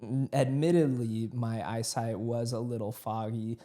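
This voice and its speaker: Mellow-toned man reflecting casually on a film. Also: mid-range voice, fairly even intonation, a little slow. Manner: reflective, with hesitant fillers. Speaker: podcast co-host, movie reviewer. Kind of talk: casual review chat.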